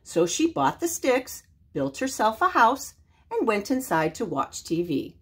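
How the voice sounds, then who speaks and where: An older woman reading a children's story aloud, expressive and animated. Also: fairly high pitch, a little slow, slightly rough.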